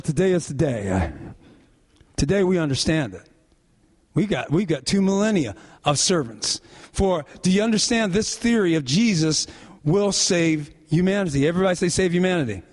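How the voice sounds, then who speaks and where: A male pastor preaching a sermon, leading the congregation in call-and-response. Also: a little mellow. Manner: call-and-response preaching, rising and falling in pitch.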